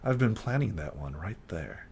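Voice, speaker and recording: A man's voice: deep voice, big pitch swings, moderate pace, vocal fry, a crowd in the background, pitched below the performer's own voice, full character voice. Elidora, a smug elf lady voiced by a man. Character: smug ancient elf woman, chess master.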